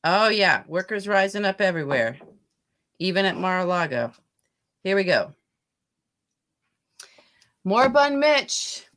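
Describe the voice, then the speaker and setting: A woman's voice: on the low side, normal speed, long pauses, fairly bright tone. Chatty woman podcast co-host. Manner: chatty, trails off and restarts mid-sentence. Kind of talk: casual political chat.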